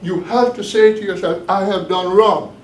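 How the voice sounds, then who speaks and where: A man giving a classroom lecture as the professor leading a course, talking deliberately and emphatically and repeating his key points. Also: sits high, steady tone, a little hiss or hum. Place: bookstore cafe classroom. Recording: echoey room, mic at a distance.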